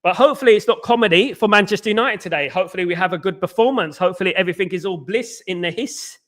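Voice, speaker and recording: A man's voice: high voice, very fast, a bit bright. Chatty man hosting a live stream. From England. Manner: chatty and rambling, many restarts and fillers, talks straight to viewers. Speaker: host of a live football watchalong. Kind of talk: casual live-stream chat, reading viewer comments.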